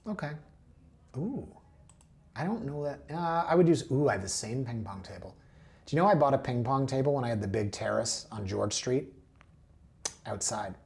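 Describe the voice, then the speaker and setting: A man's voice: medium pitch, lively intonation, moderate pace, gravelly, long pauses, a little mellow. A man hosting a real estate show, chatting casually through listings and drifting into playful tangents.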